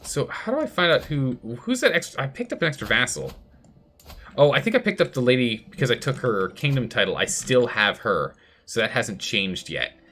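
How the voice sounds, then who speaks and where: A man's voice: mid-range voice, big pitch swings, moderate pace, pushed and bright, slight background noise. Chatty man streaming strategy gameplay. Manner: chatty, thinks aloud, reads chat. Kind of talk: live gameplay commentary.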